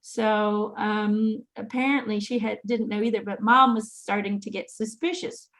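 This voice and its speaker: A woman's voice: medium pitch, fairly even intonation, normal speed, gravelly, few pauses, fairly bright tone. A middle-aged woman hosting a casual, heartfelt chat, telling her story in an earnest, reflective way. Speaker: host.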